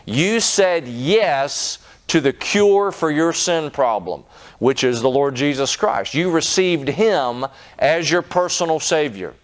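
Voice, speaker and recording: A middle-aged male pastor preaching with earnest conviction, his voice smooth and resonant. He sits a touch higher than most men and climbs higher still when he drives a point home. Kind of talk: sermon.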